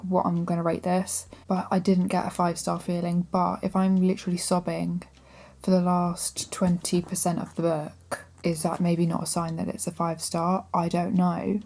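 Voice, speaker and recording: Gravelly low-voiced woman, chatty. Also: level tone, moderate pace, a little mellow. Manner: chatty, candid, swears casually. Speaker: book vlogger. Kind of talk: casual reading vlog chat.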